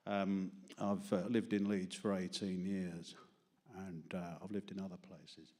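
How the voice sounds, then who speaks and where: This London man has a deep, slightly mellow voice and a flat, somewhat slow delivery. He mixes rambling, self-mocking stand-up with poetry at an open mic, chuckling at his own material before a small studio crowd.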